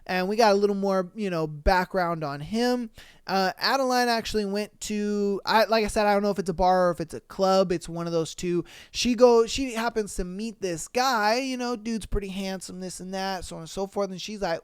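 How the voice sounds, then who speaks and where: A man's voice: sits high, normal speed, smooth, dry recording, clean studio sound. A man hosting a podcast who talks in a casual, rambling, slangy way, full of fillers. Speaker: podcast host.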